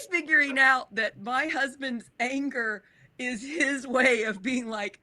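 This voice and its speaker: A woman's voice: sits high, slow, pushed and bright, no room sound. A woman co-hosting a podcast, telling a personal story in an earnest, emotional way. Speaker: podcast co-host. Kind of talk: casual chat.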